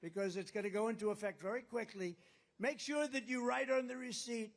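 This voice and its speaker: A man speaks to a rally crowd, his voice sitting rather high for a man. He rambles and boasts, circling back to the same phrases again and again. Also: fairly even intonation, fairly quick, creaky. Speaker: political candidate. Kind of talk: campaign rally speech. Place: rally at a golf resort.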